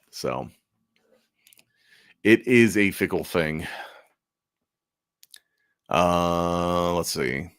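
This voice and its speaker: Low gravelly man chatting casually. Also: no room sound, clean studio sound. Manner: relaxed rambling, self-deprecating jokes. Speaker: convention artist and channel host. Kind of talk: casual chat.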